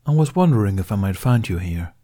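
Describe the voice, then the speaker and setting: Man reading as a patient older male mentor, calm, gently wry, low voice. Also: fairly quick.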